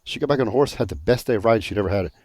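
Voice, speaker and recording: A man's voice: lowish voice, very fast, darkish tone. A middle-aged man, telling stories bluntly and cursing freely in a casual panel chat. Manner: blunt, profane storytelling. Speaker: pro bodybuilder on a panel.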